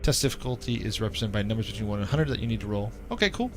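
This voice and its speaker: A man's voice: on the low side, sing-song, very fast, over music. A man streaming a game, reading its story text aloud and adding casual remarks of his own. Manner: reads narration evenly, then breaks off into chatty asides.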